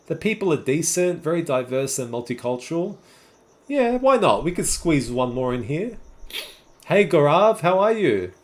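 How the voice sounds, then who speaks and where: A man's voice: fairly high pitch, normal speed. A man in his twenties or thirties with a Sydney Australian accent, casually chatting with viewers on a live stream and answering their messages. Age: 20s or 30s. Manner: relaxed, chatty, answers chat messages one by one. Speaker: livestream host.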